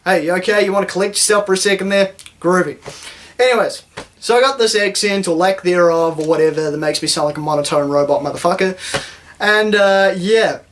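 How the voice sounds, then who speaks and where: A young Kiwi YouTuber, his voice sitting high and a bit bright, talks a little fast as he rants in a satirical vlog. He's sarcastic, swears a lot, and sounds mock-indignant throughout, all in a New Zealand accent.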